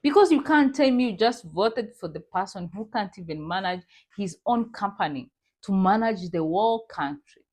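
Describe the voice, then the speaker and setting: A woman hosting a reaction vlog, delivering indignant commentary and repeating her points to her viewers. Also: mid-range voice.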